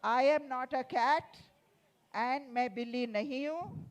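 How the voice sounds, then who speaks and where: A woman author leading a playful, interactive session with children at a festival, coaxing them with slow prompts. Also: high-pitched. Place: festival venue.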